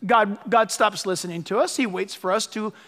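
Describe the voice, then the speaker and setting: Preaching as a pastor, a man with a voice that sits high and sounds a bit bright speaks at a moderate pace. His delivery is emphatic, with repeated phrases for stress and urgings to write things down, captured with long hall reverb.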